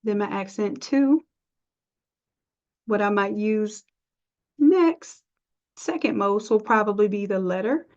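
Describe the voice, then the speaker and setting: A woman teaching a live software design class, chatty and encouraging, thinking aloud as she works. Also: mid-range voice, lively intonation, slow, pauses often. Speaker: design instructor. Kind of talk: live screen-share tutorial. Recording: dull lo-fi stream audio.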